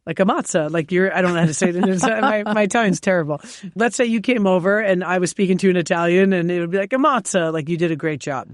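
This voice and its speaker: A woman chef from New York, a guest on an interview show, telling lively stories with frequent laughs and fillers. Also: lowish voice, quick pace, hardly any pauses, dry recording, studio quality. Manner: animated storyteller, laughs often, many fillers. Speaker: chef and cookbook author, guest. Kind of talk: casual interview chat.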